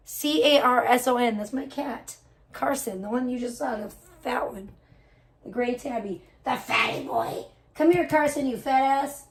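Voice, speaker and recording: A woman hosting a casual livestream who swears freely and slips into high baby talk with her cat. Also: normal speed, a little hiss or hum. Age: adult, older than most of her chat. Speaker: livestream host.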